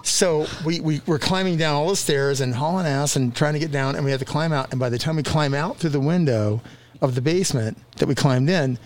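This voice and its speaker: A man with a fairly high voice telling a story in relaxed conversation. He laughs often and acts out the people in his tale. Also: brisk. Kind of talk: casual storytelling.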